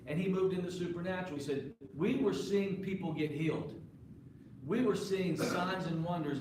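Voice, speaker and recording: A man with a higher-leaning voice preaches to his congregation in a church sanctuary, keeping it conversational and frequently asking listeners questions. The sound is an echoey, distant live church recording with background noise.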